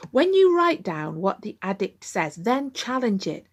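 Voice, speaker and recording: A woman's voice: medium pitch, sing-song, a little slow. A middle-aged woman with a candid, conversational manner, talking to listeners as the host of a recovery podcast. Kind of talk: podcast monologue.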